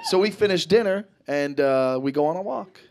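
A young man performing a stand-up comedy set on a club stage, animated and swearing, acting out his friends. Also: on the high side. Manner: animated, swears a lot, acts out friends in quick voices. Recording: live club audience in background.

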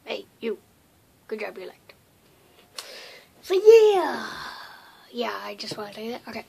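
A woman vlogging casually to camera, hyper and playful, swinging between loud pleas and whispers. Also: medium pitch, fairly even intonation, brisk, creaky, slightly rough.

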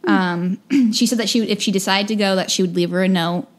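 A woman's voice: medium pitch, fairly even intonation, a little fast. A woman in her thirties from the United States, co-hosting a podcast in casual, rambling chat and often laughing. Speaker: podcast co-host.

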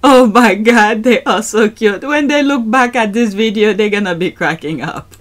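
A woman's voice: mid-range voice, moderate pace. A woman hosting a reaction commentary, gushing and laughing often over a video. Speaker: host.

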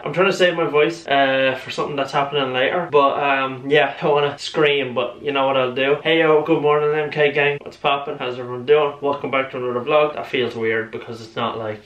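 A man's voice: mid-range voice, a bit bright, highs cut off. A young man in his twenties with an Irish accent, rambling playfully in a casual vlog. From Ireland. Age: 20s. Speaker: vlogger. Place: at home and walking outdoors. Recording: roomy echo with faint noise.

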